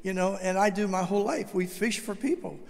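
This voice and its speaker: An older man preaching a testimony sermon as a guest speaker, telling his story with animated, acted-out dialogue. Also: high voice, fairly quick, vocal fry. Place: church sanctuary. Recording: long hall reverb.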